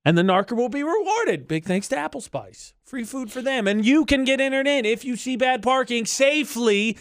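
A man's voice: very high voice, normal speed, no echo, clean studio sound. A man co-hosting a radio show, chatting casually and often mocking people in exaggerated voices. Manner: animated, mocking voices for bad parkers.

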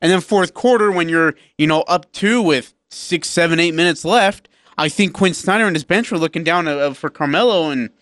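A man co-hosting a sports radio show, telling game stories in a lively, casual way. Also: a little high, normal speed, few pauses, no echo, studio quality. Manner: animated storytelling, acts out players.

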